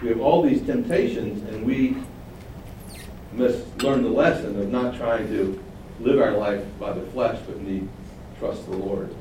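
A man preaching a sermon, animated, acting out quoted lines with sudden rises. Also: lowish voice, unhurried. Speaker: pastor. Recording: very echoey room, distant mic, faint noise.

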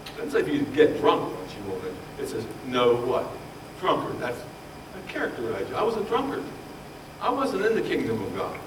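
A man preaching a sermon, telling his own story with passion, his voice rising loud and falling hushed. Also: mid-range voice, very animated, normal speed, background noise. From Baltimore, Maryland. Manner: impassioned, swings from loud to hushed. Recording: roomy echo, voice from far off.

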